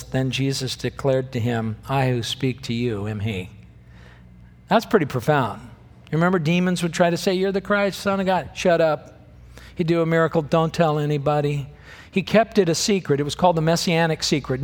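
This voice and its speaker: Conversational male pastor in a reverberant hall. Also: fairly high pitch. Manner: conversational, acts out quoted lines with lively shifts. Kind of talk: sermon.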